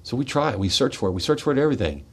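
A middle-aged man hosting a radio show, speaking in a raw, confessional monologue, tearful and shaky, swinging between forceful outbursts and hushed words. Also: medium pitch, big pitch swings, racing, breathy edge. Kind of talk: emotional personal monologue. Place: radio studio.

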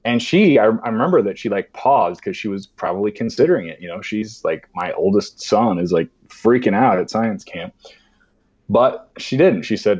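A man's voice: lowish voice, normal speed, slightly rough. A man, a podcast guest, telling a personal story in conversation and acting out the voices he quotes. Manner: animated, acts out voices in quotes. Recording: dull lo-fi sound.

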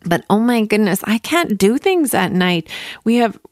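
A woman's voice: mid-range voice, very animated, normal speed, a little mellow, no room sound, clean studio sound. A woman in her thirties hosting her own podcast from home, chatting upbeat and acting out her own thoughts as she talks. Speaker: podcast host. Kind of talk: casual solo podcast talk.

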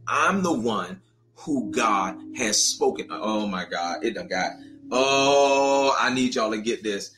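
Man, preacher, sermon, calls to congregation, bright tone, faint music behind. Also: medium pitch.

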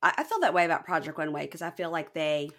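Animated, jokey podcast host woman. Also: low-pitched, quick pace. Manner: animated, jokey, does silly voices. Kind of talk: casual chat.

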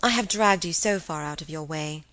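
A woman voicing a thoughtful, earnest young woman who speaks politely and gently chides in an audiobook. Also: low voice, normal speed, dry recording, low-quality recording.

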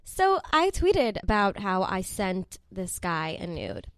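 A woman's voice: medium pitch, big pitch swings, slow, smooth, dry recording. Twenty-something woman co-hosting a podcast, rambly and swears a lot, dry close sound. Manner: rambling, swears freely, laughs often. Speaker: podcast co-host. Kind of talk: casual chat.

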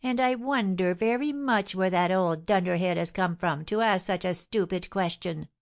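A woman voicing a shrill, vindictive middle-aged porter's wife who screams and scolds. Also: normal speed, close to an everyday voice. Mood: shrill scolding.

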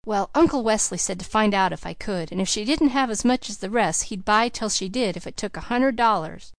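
A woman's voice: mid-range voice, expressive, brisk, no echo, studio quality, lightly acted. Woman reading as a boastful little farm boy. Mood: eager chatter. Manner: chattering, boastful, folksy grammar. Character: eager boastful small country boy.

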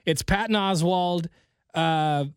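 A man's voice: high-pitched, slow pace, clean tone, no room sound, clean studio sound. A man hosting a morning radio show, chatting casually and ranting bluntly.

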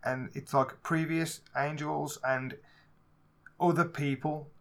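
A man with a Black Country accent, co-hosting a casual movie podcast, talking in a lively way, swearing freely and acting out scenes in raised voices. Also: on the high side, slow. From England. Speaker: podcast co-host. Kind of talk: casual movie review chat.

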